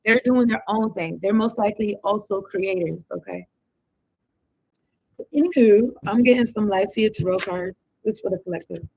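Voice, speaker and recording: A woman's voice: mid-range voice, normal speed, creaky, darkish tone, husky, rough recording. A woman giving a casual tarot reading. She rambles and thinks aloud in loose slang, with some swearing. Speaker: tarot card reader.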